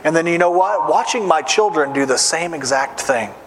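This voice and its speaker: A man's voice: a little high, lively intonation, normal speed, a little hiss or hum. A middle-aged man preaching a sermon to fathers, earnestly putting direct questions to his listeners. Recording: long reverb of a large hall.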